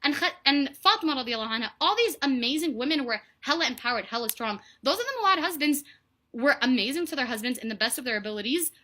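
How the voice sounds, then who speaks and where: A woman's voice: sits high, expressive, fast talker, sharp tone. A young woman vlogging, telling a personal story in a heated, indignant way and filling her speech with "like". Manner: indignant, heated, heavy on "like" fillers.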